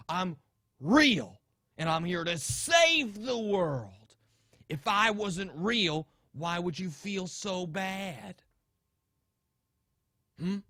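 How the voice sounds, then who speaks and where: A man doing an impression of a smug, preachy middle-aged TV science-show host, lecturing in a slow, deadpan way. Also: high voice, dry recording, studio quality, exaggerated voice. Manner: slow mock-lecturing, deadpan absurd claims. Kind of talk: comedic impression.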